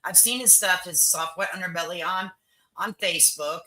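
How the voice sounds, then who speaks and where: A woman's voice: fairly low pitch, normal speed, pushed and bright, low-quality recording. An older woman hosting a livestream, chatting bluntly and opinionated, repeating herself and swearing freely. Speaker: livestream host. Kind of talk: casual chat with viewers.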